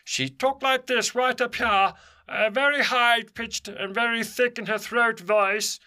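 A man doing a shrill throaty old British lady. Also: steady tone, a little slow, pushed and bright, full character voice. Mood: imitating. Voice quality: high-pitched, thick in the throat. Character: older British woman, high and throaty.

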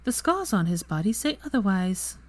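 A woman voicing a fierce, clever young witch in a fan story reading, pitched higher and louder than her narration. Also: big pitch swings, normal speed. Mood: cold.

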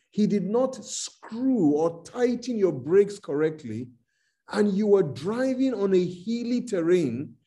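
A man with a Nigerian accent preaching a sermon, slow and emphatic, with dramatic retellings. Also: high-pitched, mellow.

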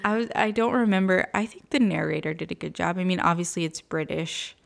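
A woman's voice: lowish voice, fairly quick, creaky. A woman co-hosting a podcast in casual chat, laughing often and poking fun at herself. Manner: laughs often, giggly and self-deprecating. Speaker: podcast co-host.

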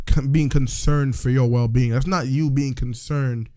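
A man's voice: medium pitch, fairly even intonation, a little slow, dark tone, no room sound, clean studio sound. A man co-hosting a podcast, ranting in casual chat, profane and incredulous. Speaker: podcast co-host.

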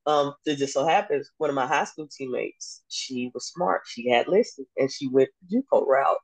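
A young adult woman, a basketball coach, telling her story in a casual interview and acting out the dialogue with lively laughs. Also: a bass voice, moderate pace, poor audio. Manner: animated, acts out dialogue, laughs often. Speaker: basketball coach and podcast guest.

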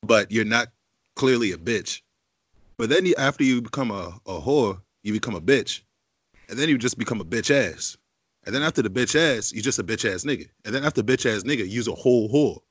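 A man's voice: on the low side, lively intonation, brisk, breathy edge, dry recording, lo-fi sound. A man with a Baltimore accent breaking things down in blunt, profane slang on a podcast. His voice is close and dry, with no room sound. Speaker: podcast co-host. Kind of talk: casual podcast banter.

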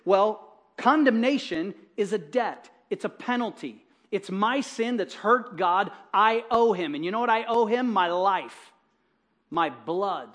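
A male pastor delivers a lively sermon in a notably high voice. He talks with energy and emphasis, punching some words loudly and dropping others to a near hush. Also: measured pace. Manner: energetic, emphatic, swings between loud bursts and soft asides.

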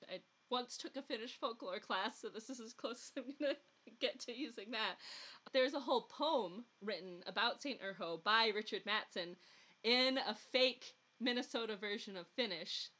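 A woman's voice: a little high, normal speed, bright, forceful tone. A woman from the Upper Midwest with a rural Midwestern accent, co-hosting a podcast and telling a story in a chatty, giggly way. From US Upper Midwest, along the Mississippi. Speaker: podcast co-host. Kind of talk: casual podcast chat.

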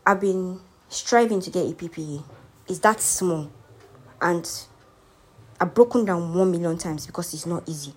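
A young Nigerian woman hosts a podcast of motivational faith talk, earnestly and heartfeltly urging listeners to keep faith. Her lowish, slightly rough voice moves at a measured pace.

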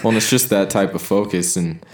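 A man's voice: deep voice, fairly even intonation, fairly quick, roomy sound. A man hosting a casual chat, agreeable and laughing along.

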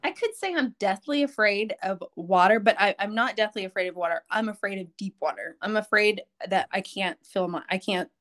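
A woman's voice: medium pitch, a little fast, few pauses. A woman co-hosting a podcast, telling stories in casual chat and laughing easily. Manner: animated storyteller, laughs until tearful. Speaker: podcast co-host.

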